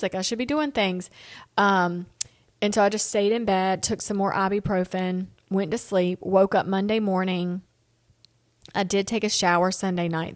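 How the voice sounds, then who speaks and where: A woman's voice: medium pitch, dry recording, studio quality. A middle-aged woman tells a long personal story on her solo podcast. She is tired and yawning, rambling and talking straight to her listeners. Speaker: podcast host.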